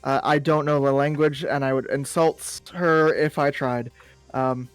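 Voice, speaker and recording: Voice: mid-range voice, steady tone, measured pace, no room sound. A tabletop player shifts between speaking in character and stepping out to ask questions, often stumbling over repeated words. The recording is dry and close, with faint music underneath. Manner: hesitant, repeats words when unsure. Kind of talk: tabletop role-play, in and out of character.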